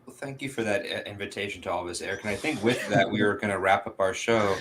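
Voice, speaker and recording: A man's voice: fairly low pitch, fast talker, crowd noise. A man co-hosting a podcast, laid-back and joking. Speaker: co-host. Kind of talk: casual panel chat.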